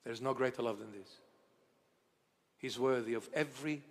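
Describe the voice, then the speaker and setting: A bishop giving a sermon, tender and playful in how he talks, now and then rising into loud outbursts, recorded in a church. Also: medium pitch, normal speed. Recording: church hall reverb.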